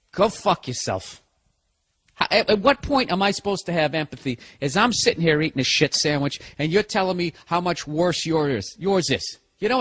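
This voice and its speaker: A man hosting a podcast alone, delivering a sarcastic, profanity-filled comedic rant. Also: fairly high pitch. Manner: profane, sarcastic, exasperated ranting. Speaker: podcast host. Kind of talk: comedic ranting monologue.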